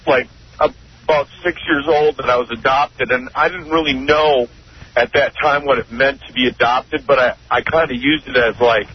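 A man talking on live radio, earnest and halting, often stopping to restart his words. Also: medium pitch, fairly even intonation, slightly rough. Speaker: show staffer on air. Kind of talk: emotional on-air chat. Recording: dull radio broadcast with faint music.

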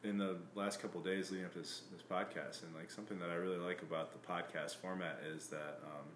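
Fast-talking low-voiced podcast host. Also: male voice, steady tone, fairly bright tone, reverberant, a little hiss or hum. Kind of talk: casual podcast chat.

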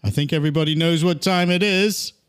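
A man's voice: on the high side, steady tone, a little fast, smooth. A man hosting a casual chat show, joking, teasing the others and laughing often. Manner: jokey, laughs a lot, teasing. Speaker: show host. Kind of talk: casual chat, leading a segment.

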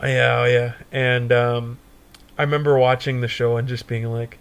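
A young man co-hosting a podcast, telling a stoner story in a profane, animated way and laughing often. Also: medium pitch, moderate pace, vocal fry, clean tone. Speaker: podcast co-host. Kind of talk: casual storytelling chat.

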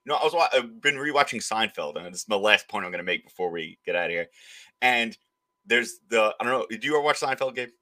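A man hosting a podcast, talking in a lowish, forceful, bright voice. He rants with heavy emphasis and keeps jumping into mocking impressions to make his points. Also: lively intonation, fast. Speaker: podcast host. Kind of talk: opinionated political podcast talk.

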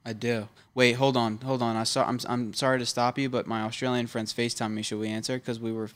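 A man's voice: medium pitch, little pitch movement, quick pace. A man in his twenties co-hosting a podcast, with crude, joking banter in casual chat. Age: 20s. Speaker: podcast co-host. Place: Hollywood, CA.

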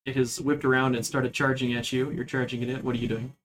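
A man narrating a tabletop game as game master, describing scenes with steady, measured pacing. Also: mid-range voice, rough recording.

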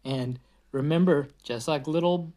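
A young woman reading a picture book aloud at home, animated and sing-song. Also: deep voice, a little slow.

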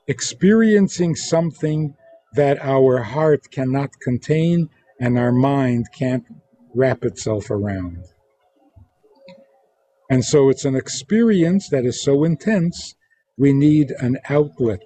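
A man who is a religious teacher, answering interview questions in a deliberate way and acting out quoted lines in different tones. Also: mid-range voice, dark tone. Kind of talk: interview guest explaining teachings.

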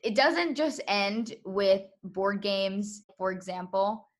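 A young woman in an easygoing podcast chat, telling a long story and acting out what people said. Her voice sits at a middle pitch for a woman. She laughs often as she talks. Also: slow pace. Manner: animated storytelling, laughing often, acts out quotes. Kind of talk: casual chat.

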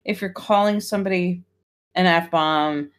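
A woman's voice: on the low side, measured pace. Frank woman in casual chat.

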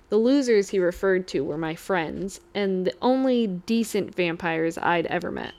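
Smooth-voiced woman narrating a novel. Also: on the low side, animated, a little slow, hardly any pauses, darkish tone. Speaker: audiobook reader. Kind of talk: first-person novel narration.

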